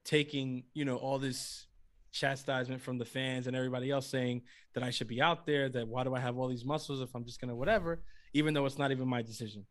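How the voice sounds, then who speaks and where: A man co-hosting a casual sports podcast, talking in an animated way, swearing casually and laughing often. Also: medium pitch, fast. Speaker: podcast co-host.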